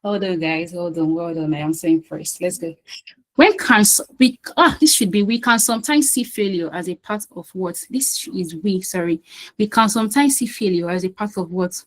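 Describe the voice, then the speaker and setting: A woman's voice: lowish voice, animated, normal speed, poor audio. Woman, quiz host, chatty, coaxing, repeats herself, video call audio. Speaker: quiz host and session facilitator. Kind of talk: casual online quiz session.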